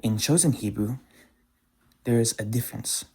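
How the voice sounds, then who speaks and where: A man teaching pronunciation in a patient explanatory lesson, repeating example words slowly. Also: mid-range voice, vocal fry, warm tone, husky.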